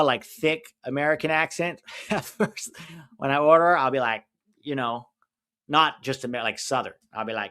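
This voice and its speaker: A man's voice: medium pitch, sharp tone. A man hosting a live football watch-along stream, chatting casually, rattling off lists and laughing as he answers viewers.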